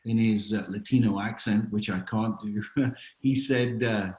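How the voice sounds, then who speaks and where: Interviewed as a podcast guest, a chaplain and author reflects and tells stories in a conversational way, using plenty of filler words. His voice is lowish, a little slow and somewhat mellow, and the recording is rough and reverberant.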